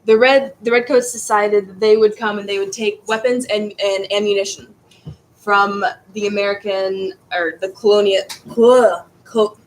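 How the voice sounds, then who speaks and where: A woman teaches a history class casually and ramblingly, stumbling over words and starting over. Her mid-range voice is steady at a moderate pace, in a low-quality recording with slight background noise.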